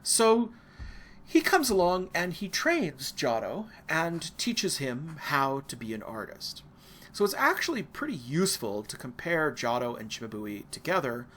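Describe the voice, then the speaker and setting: American man, lecturer, bright tone, digressive, slight background noise. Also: fairly high pitch, big pitch swings, measured pace. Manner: casual, digressive, with asides and fillers. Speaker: art history lecturer. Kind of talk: recorded university lecture.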